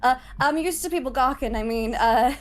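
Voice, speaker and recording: A woman's voice: high voice, normal speed, natural voice. A woman playing a flustered, awkward young commoner. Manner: flustered, stammering.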